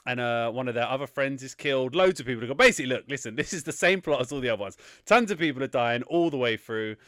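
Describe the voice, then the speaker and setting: A man hosts a casual film podcast, teasing his co-hosts and talking through a plot in a loose, rambling way. His voice is smooth and resonant. The sound is close and dry. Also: mid-range voice, animated, fast, fairly bright tone, no room sound. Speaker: podcast host.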